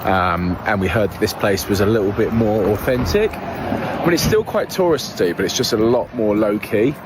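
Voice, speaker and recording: A British man with a fairly low voice rambles easily to camera, filling pauses with ums and uhs. He is outside, and clear ambient noise hangs around him. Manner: relaxed, rambling with many fillers. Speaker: travel vlogger. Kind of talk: casual travel talk to camera. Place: outdoors in a small town.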